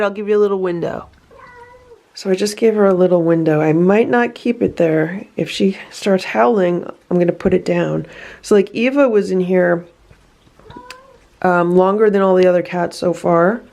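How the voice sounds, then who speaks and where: A woman's voice: medium pitch, a little mellow. A woman filming a casual vlog at home, talking soothingly to a rescued cat and explaining her care in a coaxing, sing-song way.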